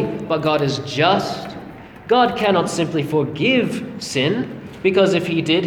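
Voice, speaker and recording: A man's voice: a little high, a little hiss or hum. A man preaching a sermon, earnest and emphatic, calling his listeners friends. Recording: echoey hall with long reverb, faint ambience.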